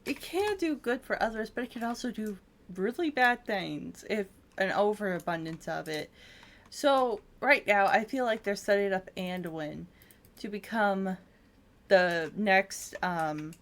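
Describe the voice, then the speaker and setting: A woman's voice: medium pitch, lively intonation, a little slow. A woman co-hosting a video game channel, talking in a chatty, meandering way with frequent ums and restarts. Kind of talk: casual chat.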